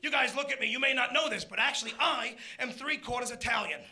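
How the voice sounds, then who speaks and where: A middle-aged man doing a live stand-up routine, punchy and loud, shouting his punchlines. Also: very high-pitched, quick pace. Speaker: stand-up comedian.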